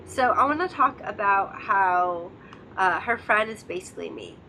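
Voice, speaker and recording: A woman's voice: mid-range voice, animated, normal speed, sharp tone, a little hiss or hum. A young woman co-hosting a casual drama discussion, chatty and giggly, acting out scenes in quoted voices. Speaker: co-host of a drama discussion channel. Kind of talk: casual chat.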